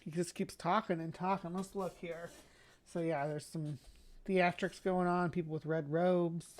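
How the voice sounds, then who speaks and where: A woman with a fairly low voice gives casual commentary. She fires off sarcastic, teasing asides as a video plays. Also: fairly even intonation, a little slow. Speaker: co-host.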